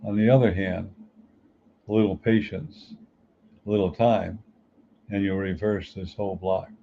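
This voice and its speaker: A man's voice: sits low, steady tone, unhurried, creaky, a little hiss or hum. A man giving a conversational motivational talk as a spiritual teacher and coach, asking many rhetorical questions. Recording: muffled lo-fi recording.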